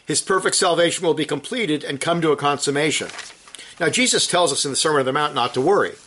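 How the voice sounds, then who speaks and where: A man delivering a sermon from scripture, his voice sitting a little higher than most men's. He preaches with emphasis, swelling to forceful peaks before sinking low and quiet again. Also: fast, slight background noise.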